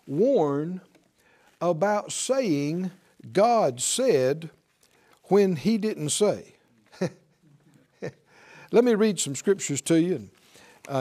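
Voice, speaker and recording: Slow, mellow-voiced male preacher. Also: on the high side, lively intonation. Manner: slow, emphatic preaching with sudden loud stresses. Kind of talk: sermon.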